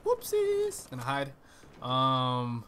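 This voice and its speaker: A man's voice: medium pitch, huge pitch swings, takes it slowly, a bit bright, slight background noise. A man giving profane, trash-talking live commentary over a shooter game he is playing. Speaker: gaming channel host.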